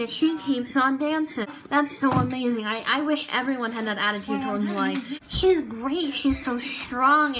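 Girl rambling on her vlog, bright kinda high voice, tons of likes and ums, super gushy. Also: poor audio. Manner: gushing and rambling, many fillers. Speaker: vlogger reviewing a TV dance show. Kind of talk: casual chatty review.

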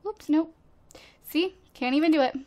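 Talking straight to her audience at a normal speed, a woman streams gameplay from home through a desktop USB mic. Her high voice is a little mellow, and her commentary stays casual and chatty.

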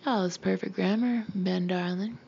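A woman voicing a gracious Southern mother who gently and affectionately defends her son. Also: mid-range voice, fairly even intonation, normal speed, creaky, highs cut off, a little hiss or hum, lightly acted. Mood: gentle.

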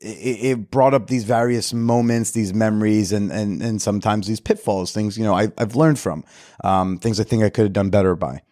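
A man's voice: lowish voice, fairly even intonation, normal speed, mellow, no echo, studio quality. A man hosting a podcast, telling a story in a candid, self-reflective way and swearing casually. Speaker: podcast host.

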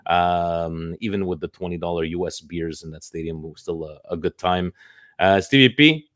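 A man's voice: low voice, normal speed, a bit bright, no room sound, clean studio sound. A man hosting a casual podcast, rambling introductions with lots of fillers. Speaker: podcast host.

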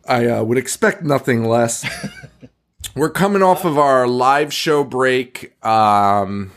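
A man's voice: medium pitch, slow pace. A young man co-hosting a podcast, chatting casually, swearing and laughing often. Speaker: podcast co-host.

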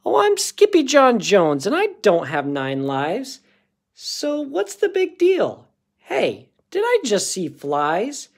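A man's voice: sits high, wildly swooping pitch, slow pace, voice pushed up, exaggerated voice. A man voicing a mischievous young Siamese kitten boy in a storybook reading, talking in a playful sing-song.

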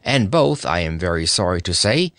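A man narrating a children's story in an expressive, deliberate reading. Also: low voice, dry recording, clean studio sound. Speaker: audiobook narrator.

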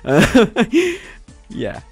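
A man's voice: extremely high pitch, huge pitch swings, drawn-out words, over music. A man from Wales, co-hosting a building game video with jokey, self-mocking banter. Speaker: gaming video co-host. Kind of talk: casual gameplay chat.

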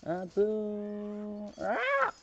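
A man talks through his own game match in a fairly high voice, rambling between plays and getting excitable when fights break out. He speaks at an unhurried, slow pace. The recording is dull and lo-fi. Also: very noisy. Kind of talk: casual gameplay commentary.

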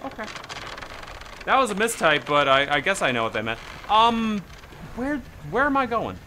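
Male gaming streamer, bright and tense tone, chatty and profane, argues with game characters. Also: extremely high pitch, moderate pace, a little hiss or hum. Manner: animated, swearing, talking back to game characters. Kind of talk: casual gameplay commentary.

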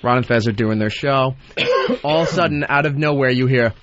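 A man on a radio show, deliberately recounting a workplace incident. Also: medium pitch, a bit bright. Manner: deliberate storytelling. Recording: dull radio broadcast with faint noise.

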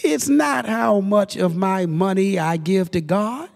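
A man preaching a sermon as pastor, telling a story and rising to shouted climaxes. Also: high-pitched, slow pace, creaky. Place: large church sanctuary. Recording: long church reverb.

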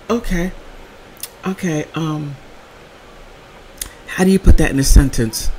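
A woman vlogger telling funny stories in a casual, animated way, laughing often between phrases. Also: rumbling low, normal speed, slight background noise. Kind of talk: casual storytelling vlog.

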